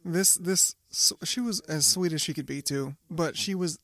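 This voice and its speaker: Young man, podcast co-host, casual chat, laughs a lot, swears, slightly high voice. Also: normal speed, pushed and bright. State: getting sick, off all day.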